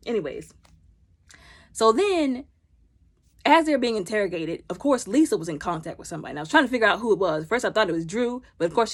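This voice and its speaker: Animated young woman retelling a show. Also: mid-range voice. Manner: animated retelling, acting out characters with "he was like". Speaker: show recapper. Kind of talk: casual recap vlog.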